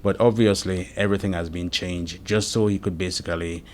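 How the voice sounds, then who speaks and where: A man with a notably low, deep voice gives testimony. His account is steady and earnest, and he recounts what happened in order. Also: fairly quick, slight background noise. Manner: earnest, steady retelling with frequent quoted dialogue. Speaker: interviewee giving testimony. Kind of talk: first-person account of an incident.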